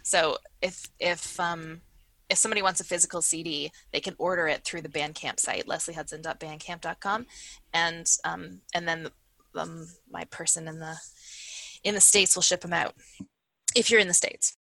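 A woman's voice: fairly low pitch, steady tone, moderate pace, vocal fry, bright, forceful tone, dry recording, poor audio. A woman in her forties with a Canadian accent from Ontario, chatting as a podcast guest and rambling with restarts. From Southern Ontario, Canada. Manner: rambling, restarts often, thinks aloud. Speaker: musician guest. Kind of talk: casual podcast interview.

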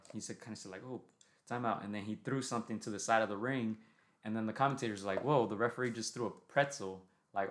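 A low-voiced man co-hosts a casual boxing podcast. He recounts a fight step by step, often checking in with "right?" and filling pauses with "um". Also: fairly bright tone. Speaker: podcast co-host.

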